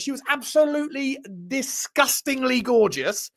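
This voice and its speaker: A man's voice: very high-pitched, normal speed, fairly bright tone. A man with an English accent hosts a live show, chatting casually with viewers and reacting to their messages. He swears freely and laughs at himself as he tells stories. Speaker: host of a live fan show.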